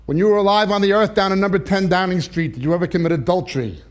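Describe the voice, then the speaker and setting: A man's voice: sits high, fast, close to an everyday voice. A man voicing Saint Peter as a genial, matter-of-fact gatekeeper in a told joke. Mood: deadpan.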